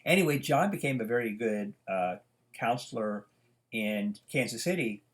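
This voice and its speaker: An older man teaching psychology in a loose, rambling lecture style at home, full of fillers, restarts and side stories. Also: fairly low pitch. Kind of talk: informal lecture.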